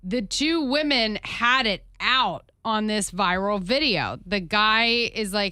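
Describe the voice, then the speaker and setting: A woman's voice: mid-range voice, slow, few pauses, bright, forceful tone, smooth, no room sound, clean studio sound. A woman co-hosting a morning show, explaining a topic in a chatty way. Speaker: radio show co-host. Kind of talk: casual morning show chat.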